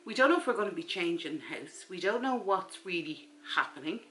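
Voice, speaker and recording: A woman's voice: on the low side, big pitch swings, a little fast, a bit bright, faint music behind, rough recording. A woman in her forties with an Irish accent, chatting casually to camera at home and retelling a conversation with a friend. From Ireland. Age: 40s. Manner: chatty storytelling, acts out friend's replies. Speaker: vlogger. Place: her house, front room. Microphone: camera mic.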